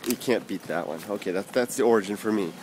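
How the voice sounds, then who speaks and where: A man's voice: fairly low pitch, fast, darkish tone, a little hiss or hum. A man hosting a casual chat, reading out viewer comments and reacting to them with enthusiasm.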